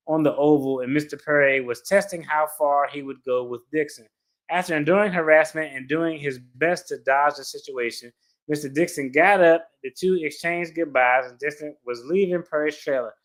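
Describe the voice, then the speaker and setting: A man's voice: fairly high pitch, fairly bright tone. A man giving casual reaction commentary as he reads a legal complaint aloud, blunt and profane, with slangy asides. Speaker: attorney reacting to a lawsuit.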